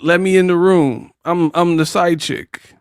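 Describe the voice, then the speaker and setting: A man's voice: high-pitched, steady tone, a little slow, clean tone, no echo, studio quality, pitched above the performer's own voice. A man putting on a whiny, pleading mistress trying to get into a hospital room.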